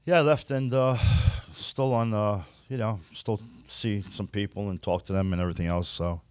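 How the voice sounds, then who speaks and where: A man's voice: lowish voice, steady tone, moderate pace, a little mellow, clean tone, dry recording. An older man with a New York accent, bluntly telling stories as an interview guest and often repeating words. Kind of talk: casual storytelling.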